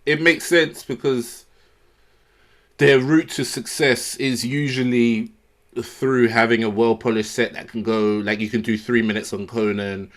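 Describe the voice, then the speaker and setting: A young British man talking in a relaxed, mid-pitched voice, like a comedian riffing with a friend on a podcast. He jokes, drifts off mid-sentence and picks the thread back up. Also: measured pace. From Britain. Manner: loose and joking, slips into mock accents, trails off mid-thought. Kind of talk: casual chat.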